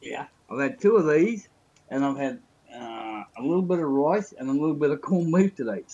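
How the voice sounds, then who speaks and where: A man's voice: fairly high pitch, animated, normal speed, mellow, highs cut off. A man on a video call, chatting casually and joking his way through rambling stories. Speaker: guest.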